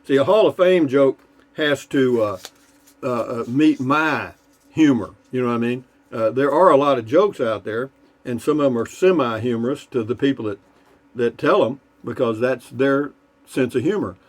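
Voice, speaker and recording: A man spins jokes at his own easy pace, wandering off into asides and "you know what I mean." His voice sits at an ordinary middle pitch, and he pauses to raise a beer and toast his viewers. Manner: rambling, folksy, with frequent fillers and asides. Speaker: joke-telling vlogger. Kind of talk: casual joke telling.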